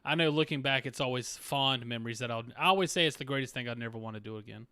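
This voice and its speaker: A man hosting a casual podcast, telling his own basic-training story in a relaxed way. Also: mid-range voice, fast, clean tone, no echo. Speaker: podcast host. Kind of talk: casual chat over beers.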